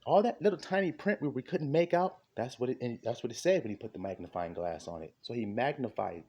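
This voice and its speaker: A man preaching an impassioned sermon, fervent and repetitive, with a husky voice. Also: mid-range voice, lively intonation, a little fast, darkish tone, muffled recording. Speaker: street preacher.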